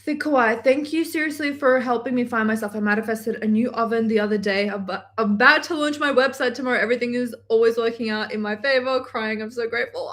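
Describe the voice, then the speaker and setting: A woman manifestation coach on a live stream, reading chat comments aloud in an animated, gushing way and swearing casually from her home workspace. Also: on the high side, brisk.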